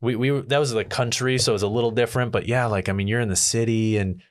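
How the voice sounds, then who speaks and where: A man's voice: mid-range voice, fairly even intonation, quick pace. A man hosting a casual podcast chat, cursing freely and acting out his own rants. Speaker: podcast host.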